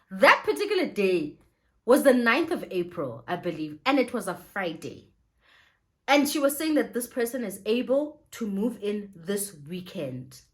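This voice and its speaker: A woman's voice: medium pitch, big pitch swings, moderate pace, a bit bright. A young woman telling a personal faith testimony to her viewers in a casual, emotional vlog style, often laughing as she talks. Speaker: vlogger.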